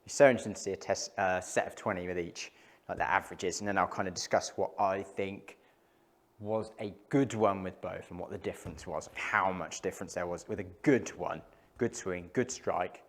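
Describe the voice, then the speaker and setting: A man's voice: deep voice, fairly even intonation, moderate pace. A man talking casually between shots as he tests golf clubs in an indoor studio, thinking aloud and reacting to each hit. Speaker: golf club tester. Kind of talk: casual hitting commentary.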